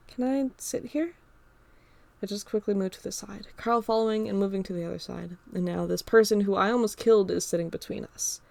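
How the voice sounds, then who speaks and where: A woman narrating an audiobook in a steady storytelling read. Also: medium pitch, gravelly, no echo.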